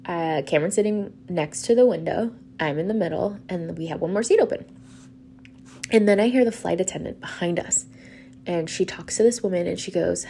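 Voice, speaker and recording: A woman's voice: fairly low pitch, normal speed, creaky, mellow, a little hiss or hum. A woman hosting a podcast, telling a travel story in a chatty, casual way, full of "like" and laughter. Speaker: podcast host.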